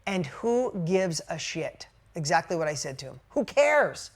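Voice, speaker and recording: Blunt, lively woman coach telling a story to her group. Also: deep voice, moderate pace. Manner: candid, animated storyteller who swears casually. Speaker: business coach.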